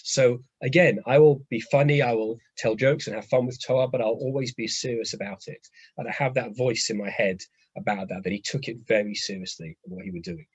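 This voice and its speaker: Male rabbi lecturer, husky timbre, animated storyteller; muffled dry audio. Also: mid-range voice, dry recording. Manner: lively anecdotal storytelling, restarts phrases. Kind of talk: lecture to an online class.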